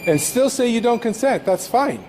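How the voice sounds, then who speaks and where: A man's voice: extremely high pitch, very animated, moderate pace, noisy background. A male police officer giving firm, commanding instructions, recorded on a body camera.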